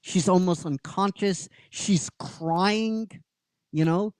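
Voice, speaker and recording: A man's voice: a little high, takes it slowly, pauses often, no echo. A man hosting a show, retelling an episode with energy, often restarting and stressing his words. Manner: animated, with restarts and emphatic stresses. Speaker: host.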